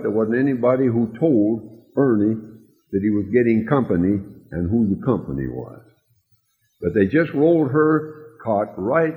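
A male preacher telling a story in a sermon, slow and tender, dropping to a hush for quoted words. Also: on the low side. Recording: tinny, phone-like, with a long hall echo.

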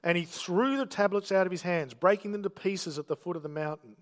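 A man's voice: high voice, a little fast, long reverb tail. A man preaching a sermon, telling the story with emphatic, dramatic delivery and quoted lines.

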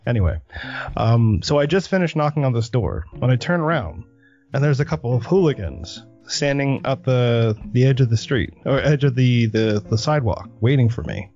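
A man hosting a podcast, telling a story in a lively, animated way during a casual interview. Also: mid-range voice, moderate pace, lo-fi sound, faint music behind. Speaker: podcast host.

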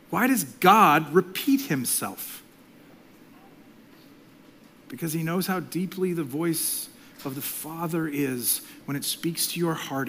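A middle-aged male pastor preaching a sermon, swinging between loud emphasis and soft, near-whispered passages. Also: a little high, slight background noise.

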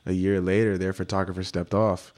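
A young man, a photographer, telling a story about his career in a relaxed, casual conversation. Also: low voice, a little fast. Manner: relaxed storytelling, acts out quotes. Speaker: guest photographer.

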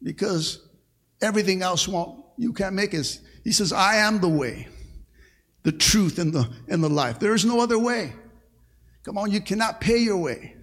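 A man preaching a sermon as pastor, with call-and-response and frequent "amen.". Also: high-pitched. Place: church sanctuary. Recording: long reverb of a church hall.

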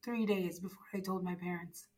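A young woman from Zimbabwe, a podcast guest, telling her story in a casual, animated way and acting out the dialogue she quotes. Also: fairly low pitch, normal speed, rough recording. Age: young adult.

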